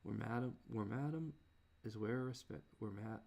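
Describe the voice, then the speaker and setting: A man thinking aloud while he composes, muttering in halting restarts and groaning at himself. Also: fairly low pitch, vocal fry, darkish tone. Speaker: creator working on a song.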